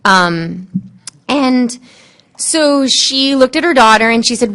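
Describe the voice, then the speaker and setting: Woman, fairly high voice, panel storyteller, lively quoting, halting with fillers. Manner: lively, quotes animals and people in changing tones; halting, frequent fillers and restarts. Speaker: animal communicator panelist.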